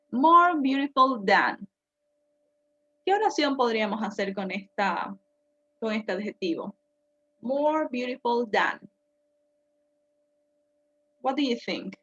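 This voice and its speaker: A woman's voice: mid-range voice, dull audio. A woman teaching English grammar, patiently repeating each point and translating it. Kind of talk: bilingual grammar lesson.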